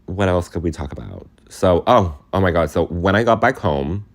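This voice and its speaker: Young male vlogger, deep low register, rambling and filler-heavy, emotional and confiding delivery. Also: lively intonation, moderate pace. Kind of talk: casual storytime vlog.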